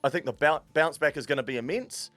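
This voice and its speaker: A man's voice: a little high, fast, fairly bright tone, dry recording. A man with a New Zealand accent bantering loosely about sport on a podcast, full of slang. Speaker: podcast co-host. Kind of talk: casual sports chat.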